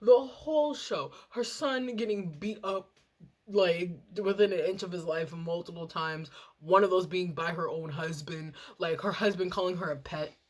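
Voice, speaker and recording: Young woman vlogger doing makeup, lowish voice, rambly and excitable, swears a lot. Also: normal speed. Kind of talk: casual chat while doing makeup.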